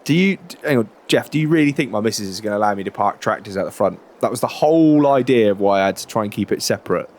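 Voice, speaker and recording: A man, chatting in a relaxed, rambling way during a farming game roleplay. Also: on the low side, fast, hardly any pauses, slight background noise. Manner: relaxed, chatty, many fillers and restarts. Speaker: roleplay creator.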